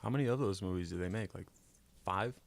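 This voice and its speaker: A man with a fairly low voice joking around on a casual podcast. He talks in an easygoing way, trading quips with his co-hosts. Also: fast talker, gravelly. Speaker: podcast co-host. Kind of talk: casual chat.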